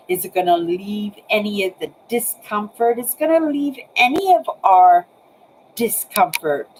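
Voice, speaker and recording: A woman's voice: mid-range voice, slight background noise, low-quality recording. A woman in her sixties talking casually to her webcam at home, rambling and repeating words as she speaks to her viewers. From Canada. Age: 60s. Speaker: vlogger. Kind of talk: casual talk to camera. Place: apartment, indoors.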